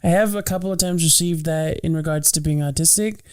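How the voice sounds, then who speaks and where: A man's voice: on the high side, fairly even intonation, fairly quick. A man on a podcast telling a story in an earnest, self-deprecating way. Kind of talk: casual chat.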